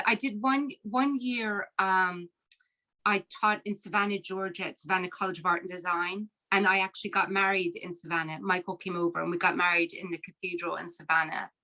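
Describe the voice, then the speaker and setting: Speaking over a video call from her home on the Irish coast, a Philadelphia-born woman in her fifties chats casually as an author guest in an interview. Her American accent carries an Irish lilt, and her mid-range voice is fairly even, moderately paced, pushed and bright on a rough recording. She laughs a lot and often restarts sentences.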